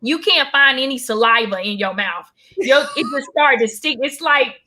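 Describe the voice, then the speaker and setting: A young woman, a stand-up comedian, speaks at a normal pace in a high-pitched voice. She's telling a story in casual conversation, animated and doing voices for the people in it.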